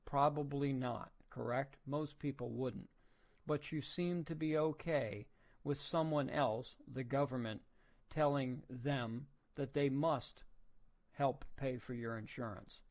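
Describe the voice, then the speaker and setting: A podcast host giving a casual opinion monologue, talking in a folksy way full of rhetorical questions and frequent restarts. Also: male voice, medium pitch, steady tone, slow, a little mellow.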